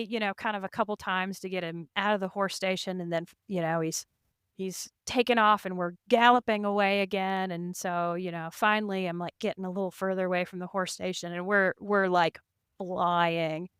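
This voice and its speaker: A woman's voice: medium pitch, a bit bright, clear, resonant tone, no echo, studio quality. A woman guest on a podcast, chatting and laughing as she tells about her rides, full of "you know" and "like". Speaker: podcast guest, endurance race rider. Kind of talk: casual interview storytelling.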